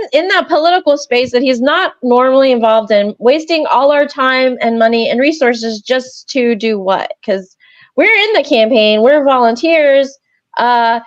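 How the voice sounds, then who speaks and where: A woman's voice: high voice, dry recording. A woman campaign volunteer in a casual political chat, talking in a conversational and slightly bewildered way. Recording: dull dry lo-fi sound.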